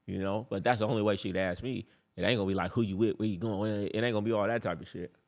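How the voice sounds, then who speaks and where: A low-voiced man with a gravelly edge delivers a casual dating advice monologue. He talks bluntly and boastfully, swears freely, and hammers his points home by repeating them. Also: steady tone, racing.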